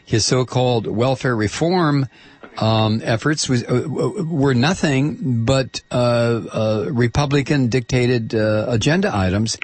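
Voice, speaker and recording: A man hosting a call-in radio show, hesitant with fillers when chatting and steady and pointed when reading an essay aloud. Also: mid-range voice, a little slow, husky, dry recording. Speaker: radio talk show host.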